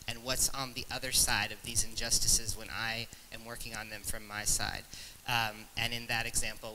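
A man in his forties from Nebraska, speaking as a panelist at a conference in a reflective, halting way with many fillers. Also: medium pitch, bright, forceful tone, a little hiss or hum, poor audio. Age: 40s.

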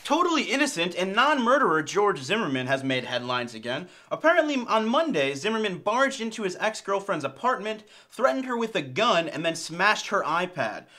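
A young man co-anchoring an amateur spoof news show, reading jokes in a sarcastic deadpan. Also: sits high, normal speed, hardly any pauses.

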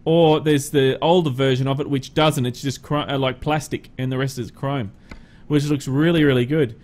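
An Australian man chatting casually through a game mod review, easygoing with frequent filler pauses, recorded as a desk-mic voice-over. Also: mid-range voice, steady tone, darkish tone. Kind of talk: casual gameplay commentary.

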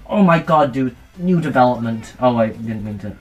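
A man's voice: mid-range voice, normal speed, hardly any pauses. A man casually commenting on a game he is streaming, joking around and calling everyone dude. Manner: joking, keeps saying dude.

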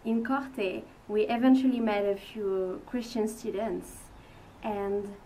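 A young woman from France speaks English with a French accent, sharing an earnest report as a mission team leader. She talks slowly and stumbles through fillers. The mic sits some way off, with faint noise behind her. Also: medium pitch, mellow, far from the mic, rough recording. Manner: hesitant, many fillers, earnest. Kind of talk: testimony to supporters.

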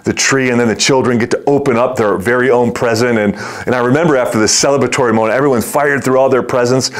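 A middle-aged male pastor preaching a conversational sermon, often repeating words as he starts sentences and acting out the voices in his stories. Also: medium pitch. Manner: acts out quoted voices in the story.

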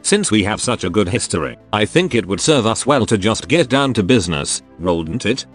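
A man's voice: fairly low pitch, sing-song, normal speed, breathy edge, soft background music. A synthetic male text-to-speech voice voicing a predatory, drawling man who shuns the sun. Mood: smooth.

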